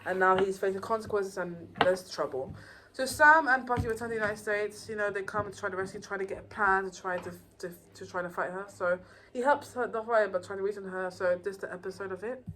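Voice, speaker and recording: A woman casually reviewing TV episodes, rambling and excitable with many fillers and restarts. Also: medium pitch, fast, a little hiss or hum, low-quality recording. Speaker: YouTuber reviewing TV shows.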